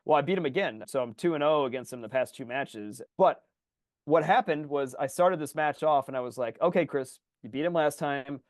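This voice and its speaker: A man co-hosting a podcast in casual chat, telling animated stories and swearing freely as he acts out his own frustrated yelling. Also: on the high side, fairly quick, no echo, clean studio sound. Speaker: podcast co-host.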